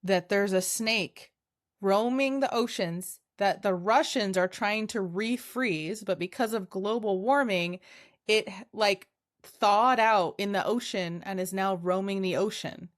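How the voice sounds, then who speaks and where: A woman's voice: medium pitch, a little slow. A young woman co-hosting a podcast, chatting casually with frequent swearing and laughter. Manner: swears a lot, laughs often, animated storytelling. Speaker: podcast co-host. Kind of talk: casual chat.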